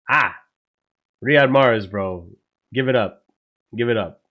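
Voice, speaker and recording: A man hosting a live football watchalong stream, excitable and swearing a lot, with loud outbursts at big moments. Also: mid-range voice, slow pace, long pauses. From United States. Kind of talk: live match reaction stream.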